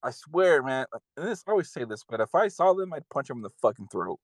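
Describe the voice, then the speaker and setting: A man's voice: medium pitch, sing-song, quick pace, husky, dry recording. A man from California ranting in casual, heavily profane chat over a video call. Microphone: video call over the internet.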